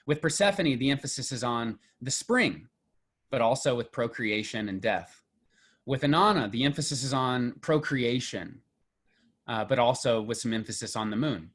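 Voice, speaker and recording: A man's voice: medium pitch, expressive, normal speed, fairly bright tone. Man, mythology teacher, lecture, enthusiastic, thinks aloud, fillers and restarts. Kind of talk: lecture to a class.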